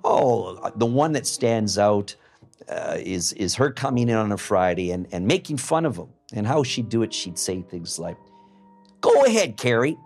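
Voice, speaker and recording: Blunt, halting man recounting his past. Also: fairly low pitch, expressive, gravelly, darkish tone, soft background music. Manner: blunt, profane, halting with fillers. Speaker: interviewee. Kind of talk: emotional personal testimony.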